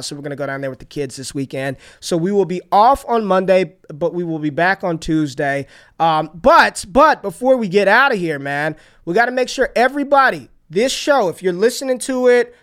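A man with a high, smooth, clear voice hosts a laid-back sports podcast. He talks loosely, repeats himself and swears casually, and he gets hyped when he reads out a sponsor. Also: a bit bright. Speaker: podcast host.

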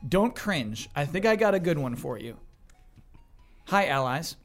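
Lively high-voiced male podcast host. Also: normal speed, soft background music. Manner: animated, joking host reading a listener question. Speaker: podcast moderator. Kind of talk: casual podcast chat.

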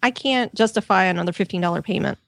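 A woman with a gravelly, fry-edged voice chiming in on a gaming podcast. She chats in quick, informal asides at a middle pitch. The recording is dry. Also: no echo. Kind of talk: casual gaming podcast chat.

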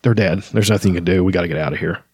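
A solemn older male cleric speaking low and quietly, read aloud by a man. His tone stays calm and subdued. The recording is dry and close. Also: very fast, slightly rough, dry recording.

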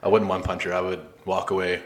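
A man's voice: low-pitched, monotone, quick pace. A young man co-hosting a podcast in casual chat, joking and spinning silly made-up scenarios. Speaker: podcast co-host.

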